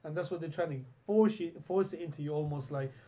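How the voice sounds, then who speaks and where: A young Englishman teaches a religious class on hadith, his voice fairly high, quick and warm. He tells stories in a chatty way, often restarting sentences and reciting Arabic phrases.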